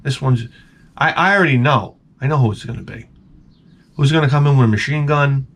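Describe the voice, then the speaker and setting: A man telling a comedic story in an animated rant, swearing and stammering through restarts. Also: mid-range voice, brisk. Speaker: comedic vlogger.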